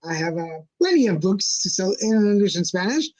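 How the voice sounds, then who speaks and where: A man co-hosting a casual talk show livestream, easygoing and slowing down to spell out details. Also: high voice, big pitch swings, darkish tone, rough recording. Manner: easygoing, slows down when promoting. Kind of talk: casual chat. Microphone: livestream setup.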